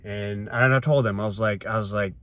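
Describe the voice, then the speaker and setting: A man with a fairly low voice tells a long personal story from the driver's seat of his car. He rambles and restarts often, but he stays emphatic throughout, and the sound comes straight through his phone. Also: steady tone, a little fast, a bit bright, no room sound. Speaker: vlogger.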